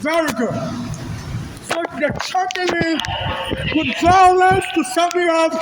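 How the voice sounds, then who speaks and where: A man from Nigeria with a voice muffled by a face mask, filming an agitated confrontation on a handheld phone in a subway station. He is agitated, stammers and repeats himself, and often shouts. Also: very high voice, unhurried, over loud music.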